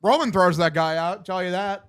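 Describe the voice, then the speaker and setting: A man's voice: sits high, moderate pace, smooth. Profane, exasperated man calling a game. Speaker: livestream host. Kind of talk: casual play-by-play commentary.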